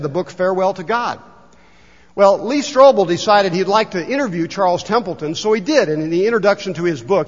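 Man preaching in a reverberant church. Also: high voice. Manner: storytelling, reads book passages aloud slowly. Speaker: pastor. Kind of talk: sermon. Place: church sanctuary. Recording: long hall reverb, dull lo-fi sound.

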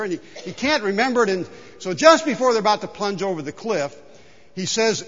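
A man preaching a sermon as pastor in a church, telling a folksy story with lively exclaimed punchlines. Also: high voice, fast, long reverb tail, dull audio. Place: church sanctuary.

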